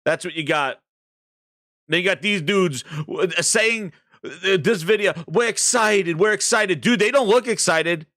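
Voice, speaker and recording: High, bright-voiced ranting male streamer. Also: a little slow, no room sound, clean studio sound. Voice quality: profane, mocking. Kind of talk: ranting game commentary.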